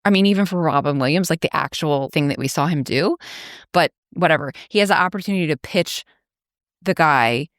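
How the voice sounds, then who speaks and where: A woman's voice: deep voice, brisk, dry recording, studio quality. A woman podcast host casually recapping a plot, chatty and filler-heavy, with wry asides.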